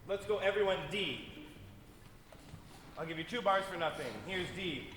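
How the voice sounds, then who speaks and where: Brief: male orchestra conductor, energetic, scats phrases, distant mic, clear room hiss. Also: high voice, moderate pace. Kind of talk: rehearsal instruction. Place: concert hall stage. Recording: echoey hall from far off.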